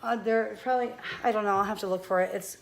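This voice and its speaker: A woman's voice: mid-range voice, fairly even intonation, quick pace, gravelly. A woman in her thirties, a vlogger telling a rambling, anxious story in a casual chat from home. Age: 30s. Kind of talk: casual vlog rant. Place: home with family nearby.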